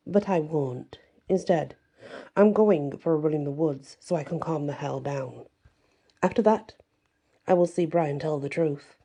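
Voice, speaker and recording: Woman reader doing a restrained, furious young male werewolf warden; dark, hushed, whispered role-play. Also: low-pitched, husky, heavily acted.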